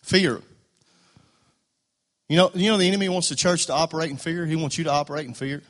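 A male pastor preaching a fervent sermon, stumbling over repeated words and building to loud declarations. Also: a little high, quick pace. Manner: fervent, repetitive stammering restarts, rising to loud declarations.

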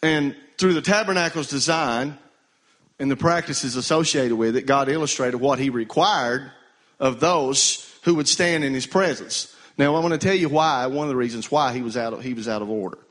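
A man's voice: medium pitch, normal speed, fairly bright tone. Man preaching a call-and-response sermon. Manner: call-and-response preaching, urging the congregation to answer. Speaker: pastor.

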